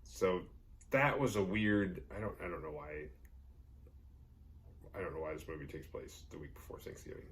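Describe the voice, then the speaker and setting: A man's voice: deep voice, animated, normal speed, long pauses. A man hosting a horror movie podcast, recapping a film in a rambling, sarcastic, profane way. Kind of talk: casual movie recap with jokes.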